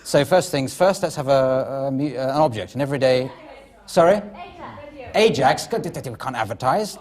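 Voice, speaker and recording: Giggly, flustered game-show host. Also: male voice, mid-range voice, expressive, fairly quick, a little mellow. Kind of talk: hosting an improv comedy show. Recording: studio audience, live stage.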